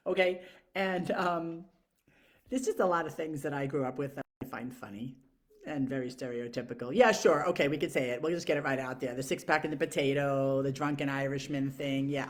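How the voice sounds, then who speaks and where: A woman's voice: extremely low pitch, steady tone, a little fast. A woman talking casually to camera in a frank, profane, rambling way, full of fillers. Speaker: vlogger.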